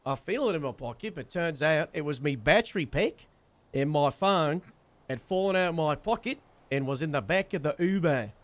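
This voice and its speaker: Animated young man telling a story. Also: a little high, moderate pace, dry recording. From Wales. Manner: animated, swears freely. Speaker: streamer. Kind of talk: casual storytelling.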